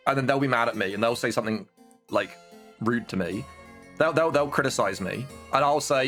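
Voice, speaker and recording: A man's voice: medium pitch, a little fast, a bit bright, soft background music. A man streaming a game, chatting casually in a rambling, joking way and swearing often. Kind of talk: casual gameplay chat.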